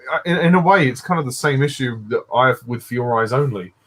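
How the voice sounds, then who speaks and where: A man's voice: medium pitch, fast talker. Laid-back man hosting film chat. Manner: brief agreeing, laughs often. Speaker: channel host. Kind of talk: casual film discussion.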